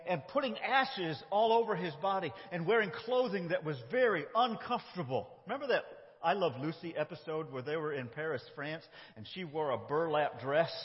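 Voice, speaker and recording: A man preaching a conversational sermon, moving between loud and quiet phrases. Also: fairly high pitch. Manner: conversational, with shifts between loud and soft delivery. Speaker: pastor. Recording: dull sound with long hall reverb.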